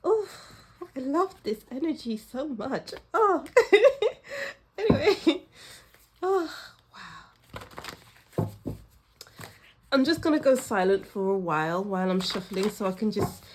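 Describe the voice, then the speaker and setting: A woman's voice: mid-range voice, a little slow, long pauses, slight background noise. A woman giving a pick-a-card tarot reading, speaking emotionally and effusively straight to her viewers. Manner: effusive and emotional, often laughing and sighing; talks straight to the viewer, warm and reassuring. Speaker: tarot reader.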